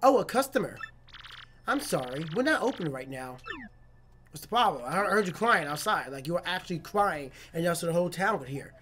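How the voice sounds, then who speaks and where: A woman's voice: lowish voice, expressive, fairly quick, fairly bright tone, a little hiss or hum. A woman reading as an upset shopkeeper wife. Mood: distraught. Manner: reading game dialogue aloud.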